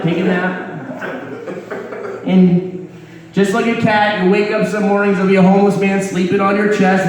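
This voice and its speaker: A man performing a live stand-up set of crude one-liners, delivered deadpan with a dry "you're welcome" tag. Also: high-pitched. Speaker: stand-up comedian. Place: comedy club stage before a laughing audience. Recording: echoey room, distant mic, crowd laughter.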